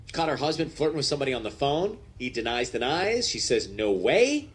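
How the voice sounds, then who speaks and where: A male radio host with a mid-range voice, brisk and upbeat. He reads listener mail and steers callers along in an easy, practiced way. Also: medium pitch, expressive, fairly bright tone. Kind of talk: radio show hosting.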